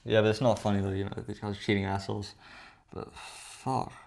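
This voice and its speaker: A man's voice: on the low side, little pitch movement, brisk, vocal fry, noisy background. A man giving casual reaction commentary, sarcastic and profane, calling his viewers bro.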